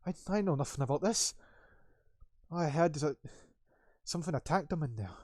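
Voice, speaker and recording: A rattled young man with a foul mouth, put on by a man running a tabletop game, his voice pushed up high and loud. He talks defensively, swearing freely, in a dry, close recording. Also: lively intonation, brisk, no echo. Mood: agitated. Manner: swearing, agitated and high-pitched.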